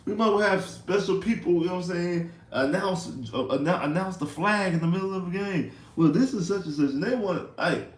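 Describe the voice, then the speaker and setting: A man hosting a livestream rants about sports in casual slang, repeating himself and swinging between loud outbursts and mutters, clearly exasperated. His voice is high-pitched and fairly quick with few pauses, and the sound is reverberant.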